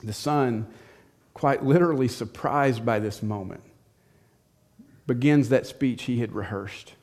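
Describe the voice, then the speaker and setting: A male pastor preaching a sermon, telling a story with animated, dramatic delivery. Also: medium pitch, measured pace. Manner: animated storytelling, acting out the scenes.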